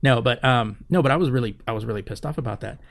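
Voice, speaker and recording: A man's voice: mid-range voice, fast talker, vocal fry, no echo. A man co-hosting a podcast, telling a long story in a casual, rambling way with lots of fillers and swearing. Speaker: podcast co-host. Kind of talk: casual chat.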